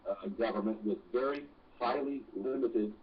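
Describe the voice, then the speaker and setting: A man who is a guest on a talk radio show, explaining slowly and deliberately with pauses. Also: mid-range voice. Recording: distant, dull phone-in sound.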